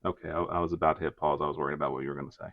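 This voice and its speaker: A man co-hosting a podcast, narrating a case in a deadpan, measured true-crime style with a very deep, gravelly voice. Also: dry recording, dull audio.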